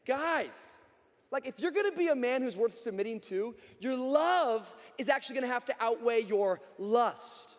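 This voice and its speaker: Brief: energetic male pastor, high voice, joking sermon, long hall reverb. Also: moderate pace. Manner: energetic, joking, loud calls to the crowd.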